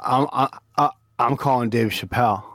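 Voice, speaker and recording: A man on a prank call, shouting exaggerated threats and stumbling over his words. His voice sits at a middle pitch and is recorded dry and close. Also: normal speed, dry recording. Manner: mock-aggressive, stammering threats. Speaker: prank caller.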